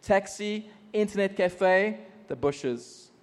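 South African preacher, high voice for a man, lively self-mocking storyteller, long hall reverb. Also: slow. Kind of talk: personal testimony sermon. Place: church service.

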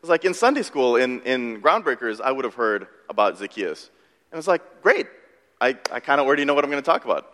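A man preaching a sermon as pastor, telling stories in an animated, self-deprecating way. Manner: animated, self-deprecating storytelling with quick shifts in pitch. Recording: long hall reverb.

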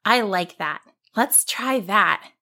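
Woman as a calm, friendly young girl; unhurried, bright tone. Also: medium pitch, heavily acted.

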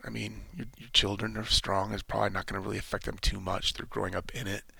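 A man with a low, gravelly voice talking through his thoughts in a loose monologue, stopping and restarting as he goes. His tone is bright and forceful, and the recording is dry and close. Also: level tone, fast, no echo. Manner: rambling, thinking aloud with many restarts. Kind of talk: casual spoken monologue.

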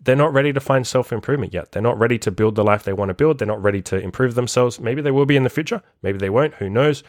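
A man's voice: medium pitch, quick pace, hardly any pauses, dry recording, clean studio sound. Blunt, profane male coach. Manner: blunt and profane, with frequent "like" and acted quotes. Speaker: self-improvement coach and podcast host. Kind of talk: casual motivational monologue.

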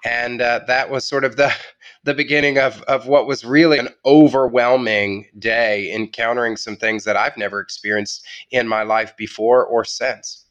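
A man as an interview guest, telling a story in a reflective, measured way with halting restarts. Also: mid-range voice, fairly even intonation, fairly bright tone. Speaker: guest writer.

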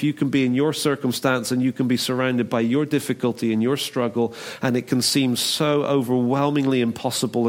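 Guy giving a sermon, talks it through casually, does little voices for the story people, lots of "isn't it?". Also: mid-range voice. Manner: conversational, acts out voices of the story figures; frequent restarts and rhetorical questions. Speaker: preacher. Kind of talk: sermon retelling a scripture story.

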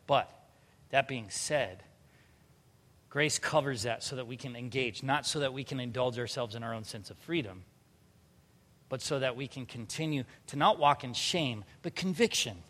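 A man in his thirties preaching a sermon, animated, moving from loud emphatic bursts to quiet earnest passages. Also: medium pitch, moderate pace, long reverb tail. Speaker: pastor.

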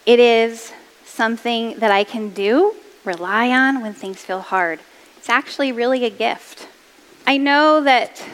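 A woman's voice: a little high, a bit bright, in a large hall. A woman around forty giving an upbeat motivational talk to mothers, chatty and self-deprecating, laughing easily. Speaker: speaker addressing mothers.

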